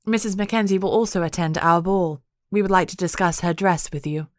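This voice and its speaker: Woman playing a genteel countess, formal and refined, lowish dry voice. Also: a little fast, dry recording, close to an everyday voice. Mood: hospitable. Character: Victoria, gracious proper countess, adult woman.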